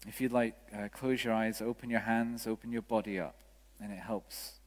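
A vicar telling a story in a sermon, quoting the people in it with animated voices. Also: male voice, lowish voice, normal speed. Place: church. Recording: church hall with long reverb.

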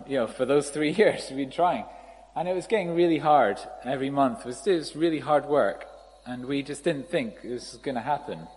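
A man preaching a sermon in a relaxed, conversational storytelling manner. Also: medium pitch, slight background noise. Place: church. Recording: reverberant hall, faint ambience.

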